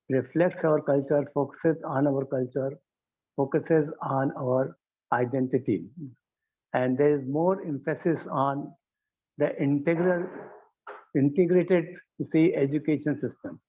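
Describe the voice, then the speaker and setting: Halting man, tinny sound. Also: a little high. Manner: halting, repeats "you see" often, self-corrects. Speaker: conference speaker. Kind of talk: formal conference speech.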